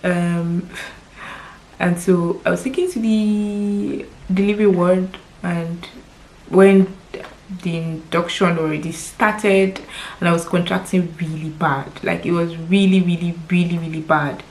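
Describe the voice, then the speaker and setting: A woman's voice: lowish voice, fairly even intonation, unhurried, darkish tone, poor audio. A woman in her thirties with a Nigerian accent, telling a personal story in a vlog, heartfelt and tearful at times, repeating words for emphasis. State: crying at times. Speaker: lifestyle vlogger.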